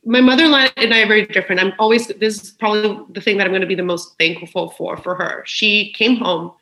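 A woman's voice: mid-range voice, steady tone, fast, pushed and bright. A woman speaking as a podcast guest in a frank, emotional, personal conversation, swearing freely. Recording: roomy echo.

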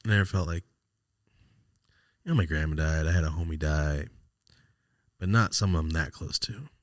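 A man hosting a podcast, telling a personal story in a raw, profane, halting way, his voice sometimes sinking almost to a whisper. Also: extremely low pitch, dry recording, studio quality. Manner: raw, profane, halting, drops to a near-whisper when upset. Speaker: podcast host. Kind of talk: casual storytelling.

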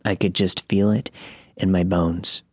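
A man narrating a first-person horror story in a steady, measured reading. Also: low-pitched, slightly rough, dry recording.

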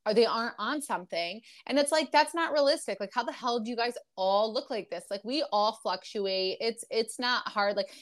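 A young woman co-hosting a podcast, chatting casually and rambling with lots of fillers and restarts. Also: fairly high pitch. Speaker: podcast co-host. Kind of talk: casual recap chat.

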